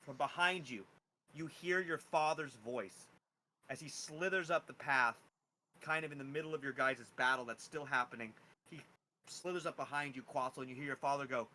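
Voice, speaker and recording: A man narrating as game master of a tabletop game, animated and lively with frequent rising emphasis. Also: moderate pace, rough recording. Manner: animated, pitch jumping on key words.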